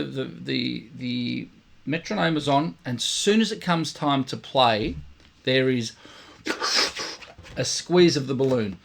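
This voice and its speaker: Gravelly trumpet teacher explaining. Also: male voice, medium pitch, a little hiss or hum. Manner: repetitive, demonstrative, vocalizing sounds. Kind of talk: casual video lesson.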